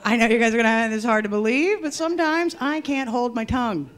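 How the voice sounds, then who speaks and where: Female comedian, live interview guest, wry and self-deprecating, loud bursts. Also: fairly high pitch, animated, brisk, a faint crowd. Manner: wry, self-mocking, shouts quoted outbursts.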